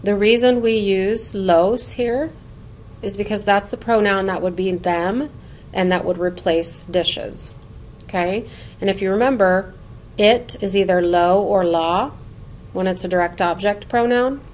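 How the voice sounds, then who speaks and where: A woman's voice: medium pitch, a little slow, darkish tone, a little hiss or hum. Patient woman teaching a recorded lesson. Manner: clear and patient, chants in a sing-song rhythm. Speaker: Spanish teacher.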